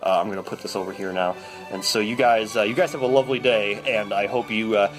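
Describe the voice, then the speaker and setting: Stammering, deadpan man mock-reading a novel. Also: fairly low pitch, fast talker, music in the background. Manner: rambling, stammering, mock-serious. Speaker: comedy host.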